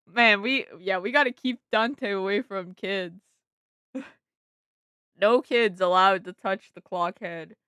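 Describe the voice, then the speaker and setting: A woman's voice: mid-range voice, slow, pauses often, pushed and bright, clear, resonant tone, no echo. A young woman streamer giving casual game commentary, giggling and chattering with many fillers.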